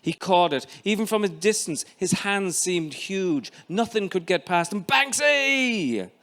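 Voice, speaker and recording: A man in his fifties with an Irish accent reads his own memoir aloud. His voice sits a little high for a man. He reads in a measured, expressive way with frequent pauses. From Ireland. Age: 50s. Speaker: author.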